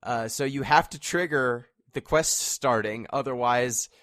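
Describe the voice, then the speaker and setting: A man's voice: medium pitch, measured pace, a bit bright, dry recording, clean studio sound. A man co-hosting a casual podcast chat, explaining things at length with wry asides. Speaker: podcast co-host.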